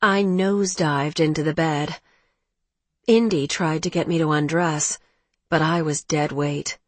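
A woman narrating a first-person romance audiobook in a measured, emotional way. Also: low-pitched, fairly even intonation, no room sound.

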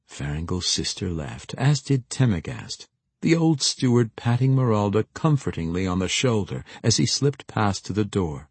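A man narrates a novel in a measured, expressive manner, his lowish voice moving widely in pitch. The tone is husky and the sound dry and close. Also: no room sound. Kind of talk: audiobook narration.

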